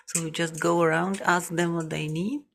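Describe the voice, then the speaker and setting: A woman's voice: on the low side, fairly even intonation, moderate pace, creaky, crowd noise. A woman who works as a care worker, explaining plainly in casual chat and answering with short agreements.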